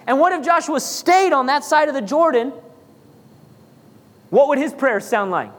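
A pastor preaches emphatically, asking the congregation question after question and hammering points through repetition. His voice sits high for a man. The sound carries a long reverb, as in a large church hall. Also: lively intonation, moderate pace, long pauses. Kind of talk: sermon.

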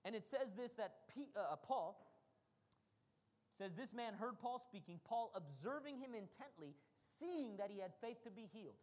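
A woman preaching a sermon, telling stories with animated, emphatic bursts. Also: on the high side, moderate pace. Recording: long hall reverb.

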